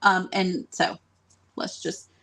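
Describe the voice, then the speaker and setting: A woman hosting a live craft stream, chatty and excitable, talking straight to her viewers. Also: fairly low pitch, slow, vocal fry. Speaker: DIY craft host.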